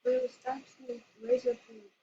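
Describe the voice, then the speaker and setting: A woman hosting her own channel, excitedly commenting on a game she plays, squealing and laughing. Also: fairly high pitch, moderate pace. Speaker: gaming channel host. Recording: lo-fi with noisy background.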